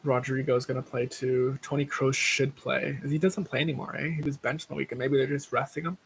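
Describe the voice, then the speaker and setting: A young man hosting his own livestream talks casually, rambling off on tangents and swearing easily in an everyday mid-range voice. His delivery is medium-pitched, flat, brisk and gravelly, with a little hiss or hum.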